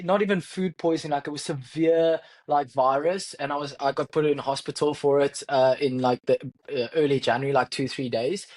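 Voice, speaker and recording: A young man co-hosting a podcast, talking casually and earnestly, reflecting and speaking straight to listeners. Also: a little high. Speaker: podcast co-host. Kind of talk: casual chat.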